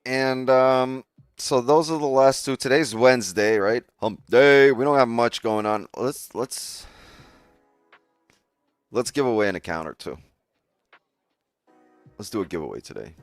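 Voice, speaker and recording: A man's voice: medium pitch, a little slow, pauses often, clear, resonant tone, dry recording, clean studio sound, faint music behind. A man hosting a casual trading live stream, talking straight to his chat in a loose, joking way and swearing often.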